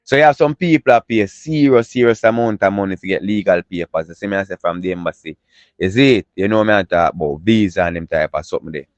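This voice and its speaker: A man with a Jamaican accent hosting a casual entertainment news show in patois, animated and chatty, full of catchphrases. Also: low-pitched, fast talker, no room sound, dull audio.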